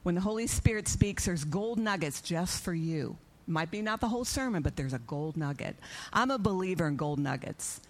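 Brief: middle-aged woman with a slightly low voice, animated church testimony storyteller. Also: moderate pace. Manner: animated storyteller, acting out her own prayers and dialogue. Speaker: church speaker giving a testimony.

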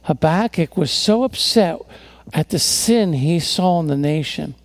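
A man's voice: fairly high pitch, lively intonation, a little slow, no room sound. A man preaching a sermon as a pastor, telling stories earnestly, often restarting and repeating words.

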